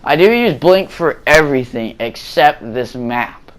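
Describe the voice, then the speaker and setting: A man's voice: on the high side, animated, measured pace, clear, resonant tone. A man giving casual, rambling voice-over commentary on gameplay footage, full of fillers and restarts, recorded at home.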